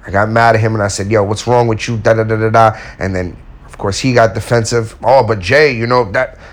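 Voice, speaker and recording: A man's voice: lowish voice, steady tone, brisk. Blunt man giving candid life advice. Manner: blunt, candid, storytelling with acted-out quotes. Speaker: self-help speaker. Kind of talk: casual motivational talk to viewers.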